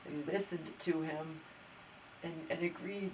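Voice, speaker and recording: A woman's voice: medium pitch, animated, normal speed, vocal fry, recorded from a distance, background noise. A woman vlogger venting her grievances in an aggrieved, exasperated way, stammering and restarting as she talks. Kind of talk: venting personal vlog.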